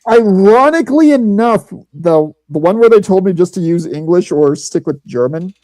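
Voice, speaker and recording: A man's voice: sits high, lively intonation, normal speed, mellow, dry recording, low-quality recording. A man from Missouri in a casual chat, telling rambling stories with many restarts. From Missouri, USA. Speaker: podcast host.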